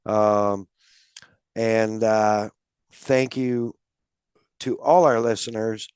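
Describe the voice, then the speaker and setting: A man's voice: fairly low pitch, fairly even intonation, drawn-out words, darkish tone, smooth, no echo, clean studio sound. A man hosting a casual podcast, rambling along with many fillers as he runs through plans and thanks sponsors. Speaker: podcast host.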